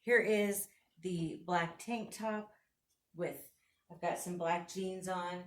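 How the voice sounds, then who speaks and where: A woman with a notably low voice talks through a thrift haul and try-on as a vlogger. She is chatty and enthusiastic and laughs often. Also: steady tone, slow pace.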